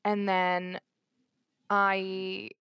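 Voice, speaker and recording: A woman of middle pitch tells a personal story in a podcast interview. She rushes through it with lively energy and many fillers, and acts out what others said. The recording is dry and close. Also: smooth, dry recording. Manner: animated, fast retelling with many fillers and quoted dialogue. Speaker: anonymous guest.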